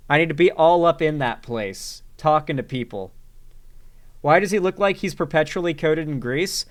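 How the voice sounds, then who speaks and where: A man's voice: a little high, clear, resonant tone. A man hosting casual reaction commentary in a sarcastic, rambling way. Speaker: commentary host.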